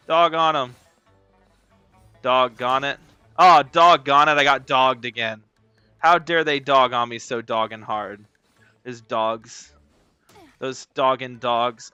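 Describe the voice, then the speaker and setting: A man chats through a live game in a bright, tense voice, joking, rambling, swearing and breaking into loud excited yelling. The sound is dry, close and somewhat dull, with faint music underneath. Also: mid-range voice, unhurried, pauses often, smooth, dry recording. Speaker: gaming streamer. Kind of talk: casual live gameplay commentary.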